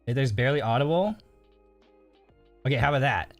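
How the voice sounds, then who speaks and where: A man's voice: medium pitch, lively intonation, brisk. Nervous rambling young-sounding streamer guy. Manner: rambling, heavy use of "like" and fillers; earnest and grateful, openly emotional. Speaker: virtual streamer. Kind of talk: casual live-stream chat. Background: faint background music.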